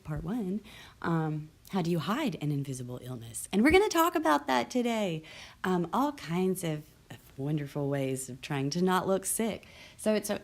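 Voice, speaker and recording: A young adult woman hosting her own vlog, talking candidly and with sarcasm, with frequent restarts. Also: lowish voice. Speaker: vlog host. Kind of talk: casual talk to camera. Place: lives in the US South.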